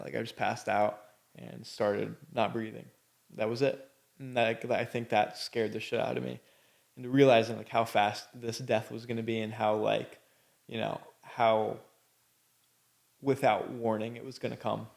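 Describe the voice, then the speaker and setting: Man, podcast host, gravelly, mid-pitched, blunt, loose personal storytelling. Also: little pitch movement, moderate pace, a little mellow. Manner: candid and blunt, with frequent swearing; loose, rambling delivery full of fillers.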